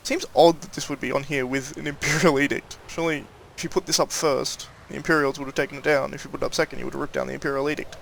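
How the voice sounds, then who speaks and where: A man's voice: mid-range voice, level tone, fast, vocal fry, hardly any pauses, fairly bright tone, slight background noise. A man casually commenting while playing a game, swearing and reading in-game notes aloud. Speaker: game streamer. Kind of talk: casual let's-play commentary.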